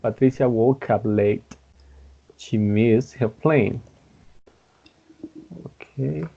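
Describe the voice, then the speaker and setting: Slow, gravelly man reading haltingly. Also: mid-range voice, warm tone, lo-fi sound. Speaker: student. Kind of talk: reading a textbook exercise aloud.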